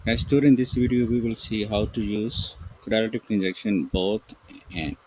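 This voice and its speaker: A man teaching an English grammar lesson, reading example sentences slowly and deliberately while writing with a pen. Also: fairly low pitch, fairly even intonation, mellow, slight background noise, rough recording.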